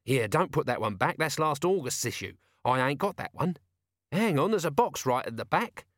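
A scruffy, grumbling corporal, as a male reader puts him on, a little higher than the reader's own voice. He whines and jabs cheekily. The sound is dry and close. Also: lively intonation, moderate pace, a bit bright, dry recording. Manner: whiny, cheeky.

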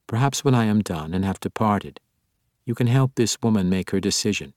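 A man voicing a proud elf priestess woman in an audiobook, speaking in a measured, solemn and formal way. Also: on the low side, expressive, a little mellow, no room sound, clean studio sound, close to an everyday voice.

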